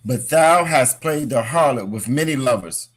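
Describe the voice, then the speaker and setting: A man with a voice of average pitch reads scripture verses aloud for the class. His delivery is plain and measured. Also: animated, slightly rough. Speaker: student reading scripture aloud.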